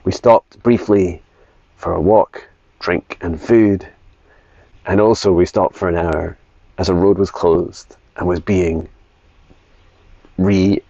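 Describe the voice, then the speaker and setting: A man voicing his small male papillon dog, speaking slowly and formally in a measured, careful way. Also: low voice, steady tone, warm tone, no room sound, dull audio, full character voice. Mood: matter-of-fact. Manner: slow, formal, carefully spaced speech.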